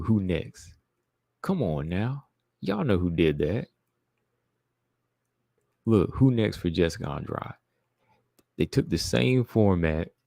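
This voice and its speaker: A man's voice: deep voice, vocal fry, dark tone, dry recording, studio quality. A man hosting a live talk stream, chatting casually and emphatically to his viewers, repeating phrases and calling out to the chat. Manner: informal, uses "y'all" and "be listening". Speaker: podcast host.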